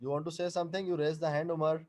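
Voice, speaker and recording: A man teaching an online class over a video call, explaining slowly and repeating each point and question. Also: on the high side, level tone, warm tone.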